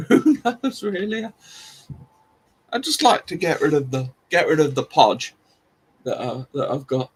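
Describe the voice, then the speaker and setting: Chatty man with a husky voice. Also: a little high, animated, takes it slowly, long pauses. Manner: rambling, self-deprecating, restarts and laughs often. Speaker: livestream host. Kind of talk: casual live chat with viewers.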